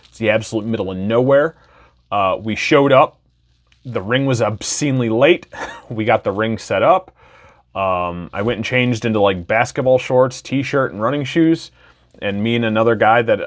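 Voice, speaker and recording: A man in his thirties from Wisconsin telling his personal story in a candid, enthusiastic, casual way. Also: lowish voice. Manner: candid, enthusiastic, loose with fillers. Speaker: podcast host.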